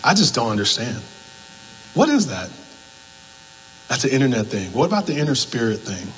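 Animated male pastor preaching a sermon. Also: mid-range voice, normal speed, big-room sound, poor audio. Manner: animated storytelling, acts out both sides of conversations.

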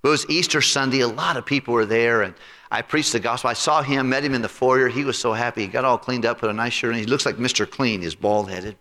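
A male pastor telling a personal story in an animated, conversational sermon. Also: medium pitch, quick pace. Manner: animated, conversational anecdote with repetitions. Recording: reverberant hall.

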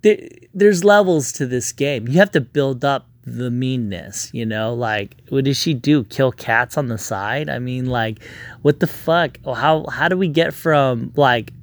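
A man's voice: medium pitch, a little slow, dry recording. A man in a casual, profane, rambling rant reviewing a movie, sounding exasperated.

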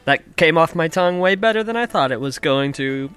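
A man's voice: fairly high pitch, animated, brisk, fairly bright tone, clear, resonant tone, no echo, faint music behind. A young adult man from Kansas hosting a comedy podcast from his basement, rambling through a profane, self-mocking monologue. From United States (Kansas). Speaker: podcast host. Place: home basement.

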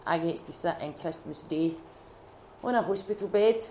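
A Scottish woman at a faith retreat, sharing her personal testimony in a heartfelt, halting way with many restarts. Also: fairly low pitch, a little mellow, a little hiss or hum. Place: retreat gathering room.

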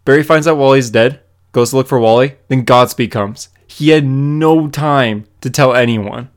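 Blunt podcast co-host. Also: male voice, medium pitch, moderate pace, clear, resonant tone. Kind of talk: casual comic book chat.

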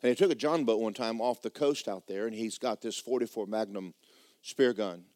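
A man's voice: lowish voice, moderate pace, darkish tone. A man preaching a sermon in a church, telling stories in a folksy way and reading scripture aloud with rising drama. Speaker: pastor.

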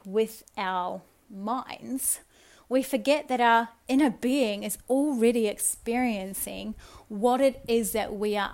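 Woman podcast host, slightly high voice, soft and earnest, coaxing self-help delivery. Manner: addresses listener affectionately. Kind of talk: spiritual self-help talk.

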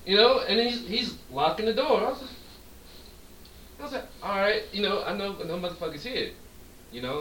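Man, podcast co-host, lively swooping voice, profane storyteller, echoey room, distant mic, faint hiss. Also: sits high, normal speed, pauses often. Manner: animated, profane, acts out quoted dialogue. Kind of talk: drunk storytelling chat.

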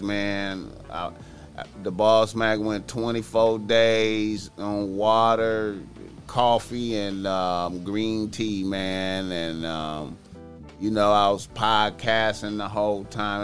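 Man, solo podcast, slow drawl, profane, boastful, faint music behind. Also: on the low side. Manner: slow, profane, boastful, calls himself by nickname in third person. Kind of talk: casual solo podcast monologue.

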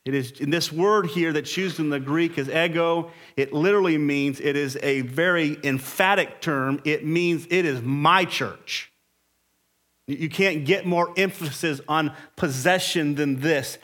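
A man's voice: a little high, unhurried, fairly bright tone. A man preaching a Sunday morning sermon as pastor, emphatic and rising in intensity.

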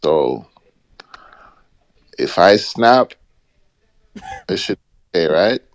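A man's voice: sits low, sing-song, takes it slowly. A man on a panel in a casual discussion, asking pointed, wry questions.

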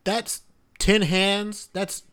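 A man's voice: high voice, level tone, extremely slow, fairly bright tone. A man co-hosting a casual chat, reacting with laughs and short, profane remarks.

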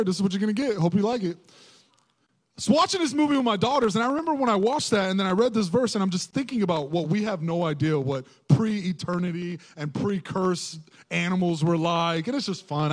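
A middle-aged male pastor delivering a sermon in a fairly high voice. He is animated and jokey, acting out short voices and laughing between points.

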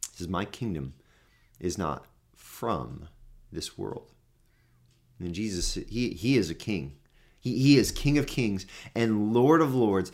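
A man preaching a sermon, emphatic and repetitive, building his phrases up and then dropping low.

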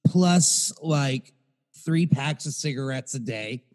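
A man's voice: mid-range voice, slow pace, darkish tone, long reverb tail. A man co-hosting a podcast, telling a rambling, profane story in casual chat. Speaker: podcast co-host.

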